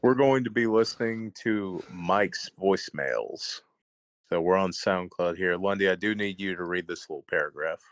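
A man hosting a casual podcast chat, relaxed and quick to laugh. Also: sits low, dry recording. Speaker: podcast host.

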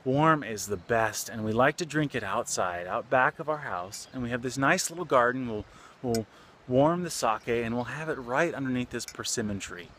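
A man voicing a sweet, kindly old man in his seventies who talks gently and slowly. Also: mid-range voice, expressive, a little hiss or hum. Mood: fond, chatty.

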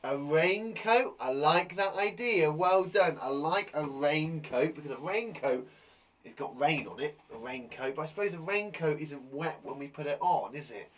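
A man's voice: a little high, lively intonation, normal speed, fairly bright tone. A playful man, a young adult primary school teacher giving a live online lesson for children with theatrical, chatty reactions.

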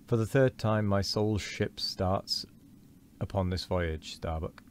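A grim old sea captain speaks in slow, archaic, brooding lines, read aloud by a man. The voice sits very deep and steady. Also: a little hiss or hum. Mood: solemn. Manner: archaic solemn declamation.

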